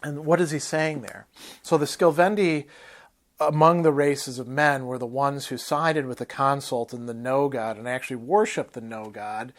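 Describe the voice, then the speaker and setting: A man giving a lecture on a novel, explaining the story in a thoughtful way, with pauses and fillers. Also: medium pitch, steady tone. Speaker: philosophy lecturer.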